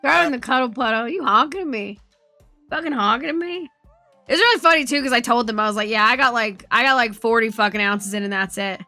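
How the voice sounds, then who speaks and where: Bright, high-voiced woman streamer. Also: fast talker, no room sound, soft background music. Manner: laughing storytelling, profane. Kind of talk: casual chat.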